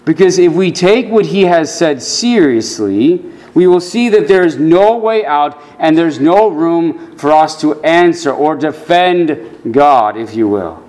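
A man delivering a sermon at a slow, deliberate pace, his voice sitting a little high for a man. He preaches earnestly and sinks low and quiet whenever he quotes scripture. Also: animated. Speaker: pastor.

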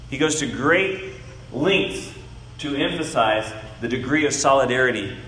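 A man giving an expository Bible teaching, speaking in a deliberate, emphatic way and leaning on key words. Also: medium pitch, a bit bright, echoey room, slight background noise, low-quality recording.

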